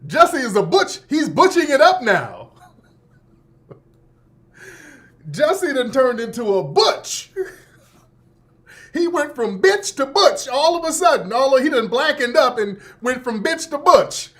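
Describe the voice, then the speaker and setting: A male talk radio host rants in a mocking, sarcastic tone, laughing at his own jokes and breaking in with quick asides. His pitch swings widely and animatedly from line to line. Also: big pitch swings, a bit bright. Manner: sarcastic, mocking, laughs often, repeats "hold on". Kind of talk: mocking commentary monologue.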